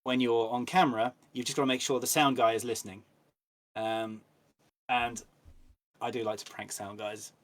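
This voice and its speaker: A man with an English accent, an actor guest telling anecdotes in a relaxed interview chat with frequent ums. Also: mid-range voice, moderate pace.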